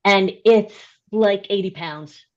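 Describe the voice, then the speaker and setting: A woman's voice: medium pitch, slow, a little mellow, muffled recording. A middle-aged woman chatting in a book club discussion, talking easily and laughing often.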